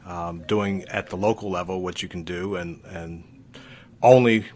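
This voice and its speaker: A man appearing as a political candidate on a radio talk show, explaining his views in a measured, earnest way. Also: deep voice, fairly even intonation, darkish tone, a little hiss or hum. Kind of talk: casual radio interview.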